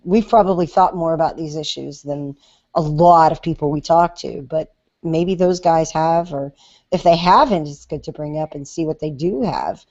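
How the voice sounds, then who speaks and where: A woman with a lowish voice hosts a podcast in casual chat, rambling and stopping often for fillers. The recording sounds dull and lo-fi. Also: moderate pace, darkish tone. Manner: chatty, hesitant with many fillers. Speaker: podcast host.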